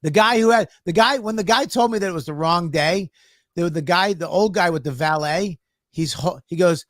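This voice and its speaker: A man's voice: high voice, moderate pace, fairly bright tone, no echo, clean studio sound. A man telling a profane, exasperated story on a podcast and acting out both sides of the talk. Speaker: podcast co-host. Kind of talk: animated storytelling.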